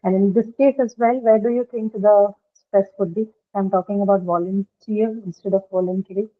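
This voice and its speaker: A woman's voice: medium pitch, steady tone, normal speed. A woman teaching English pronunciation, explaining step by step and checking with her students as she goes. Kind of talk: online pronunciation lesson. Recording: tinny phone-like line.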